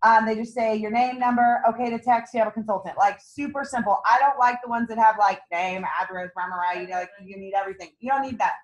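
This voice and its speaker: A woman with a high, bright-toned voice leads her sales team through a motivational talk. She is bubbly and laughs often, pushing her group to get excited as she speaks to a small room. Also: fast talker, few pauses, dull audio. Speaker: team leader running a sales meeting.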